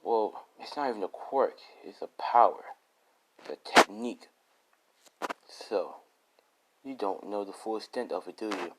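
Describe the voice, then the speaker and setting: A stern ancient ice warrior who speaks low and hushed, as if through a mask, as a man puts him on. He lectures coolly and bluntly, a gruff mentor in a homemade spoken fan story. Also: a little slow, pauses often, a little hiss or hum, close to an everyday voice.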